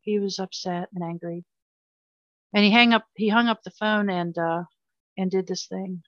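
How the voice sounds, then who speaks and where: A woman's voice: mid-range voice, fairly even intonation, normal speed, no room sound, highs cut off. An older woman telling a painful personal story in an interview, earnest and emotional, often repeating herself. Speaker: guest.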